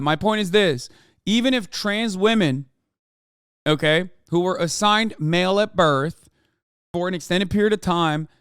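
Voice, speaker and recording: A man's voice: high-pitched, fairly bright tone, smooth, no room sound, studio quality. A man hosting a live stream, ranting heatedly and profanely about politics and mocking his critics. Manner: mocking and combative toward chat.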